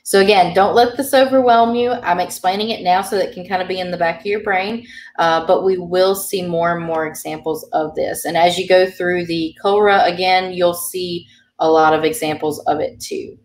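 A woman's voice: fairly low pitch, steady tone, normal speed. A woman teaching a beginner language class, explaining grammar patiently with frequent ums. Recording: roomy sound from a distant mic.

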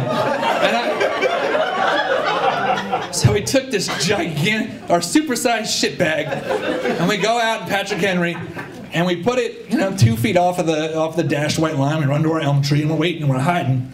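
A man's voice: high voice, normal speed, reverberant, very noisy. A man performing a funny personal story at a live storytelling show, acting out the voices of the people in it. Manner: animated, acts out voices, audience laughter. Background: audience laughter.

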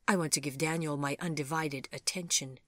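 A woman's voice: low voice, fairly even intonation, a little fast, fairly bright tone, dry recording, clean studio sound. A woman voicing a proud, composed mother who speaks firmly and reassuringly in a storybook reading. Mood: soothing. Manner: firm and reassuring.

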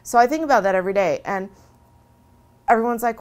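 A woman speaking in a long interview, talking earnestly about her own experience in a lively, conversational way and often restarting her phrases. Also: fast talker, long pauses. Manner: earnest and animated, with lively swings in pitch. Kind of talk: long-form interview, casual personal talk.

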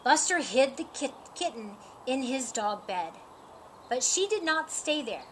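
A woman reading a children's picture book aloud in a slow, expressive, sing-song way. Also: high-pitched, slight background noise. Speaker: storybook reader.

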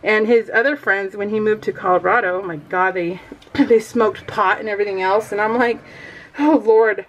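A middle-aged woman with a slightly high voice chats casually while she works on a scrapbook. She rambles from one aside to the next and laughs often. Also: muffled recording. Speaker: scrapbooking vlogger. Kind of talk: casual chat while crafting.

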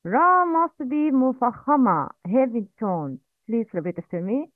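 A woman teaching Quran recitation, drilling pronunciation slowly and correcting errors. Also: fairly high pitch, very animated, no room sound. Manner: slow, drilling repetition with corrections. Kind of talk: recorded language lesson. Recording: tinny phone-like audio, dry.

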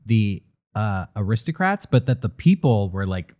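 A man co-hosting a podcast in casual comedic chat, an animated, profane storyteller who acts out scenes. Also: lowish voice, normal speed. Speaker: podcast co-host.

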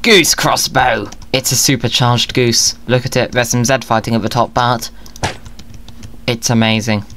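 A man's voice: mid-range voice, flat delivery, normal speed, a bit bright, slight background noise. A man giving playful, jokey commentary over his own gameplay, often talking to himself. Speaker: Minecraft video creator.

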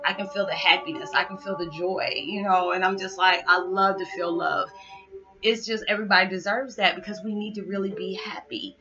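A woman's voice: medium pitch, steady tone, brisk, music in the background. A woman talking casually to her viewers in a rambling vlog monologue, full of "you know" and "it's just like.". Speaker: spiritual vlogger. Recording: dull lo-fi sound.

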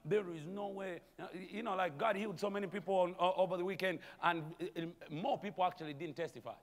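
A man preaching a sermon as pastor, animated, calling out to the congregation and chuckling between points. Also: sits high, fast talker, long reverb tail. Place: church sanctuary.

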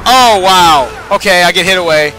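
Bright-voiced young man swearing over a game. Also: high-pitched, normal speed. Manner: frustrated, swearing, repetitive cheering. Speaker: gamer. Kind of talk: casual gameplay commentary.

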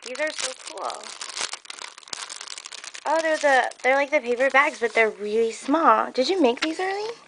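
A woman chatting excitedly as she unboxes craft gifts, gasping and gushing, with lots of "like" and "oh my God". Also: high voice, unhurried, pauses often, noisy background. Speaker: crafting vlogger. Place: crafting room at home.

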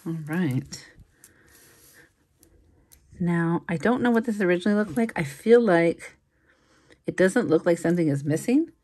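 A woman's voice: on the low side, animated, measured pace, pauses often, a little mellow, breathy edge. A woman reseller musing aloud in a casual unboxing commentary, chatty and full of little fillers. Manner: chatty, musing aloud, frequent likes and ums. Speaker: jewelry reseller.

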